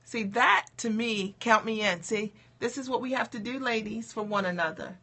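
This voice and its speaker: A woman coach talks live to her viewers in an upbeat, encouraging way, often checking in with them as she goes. Her voice is bright and forceful and sits a little high. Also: normal speed. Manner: upbeat and encouraging, keeps asking "okay?" and "right?". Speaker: coach for mothers in business. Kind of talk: motivational livestream talk.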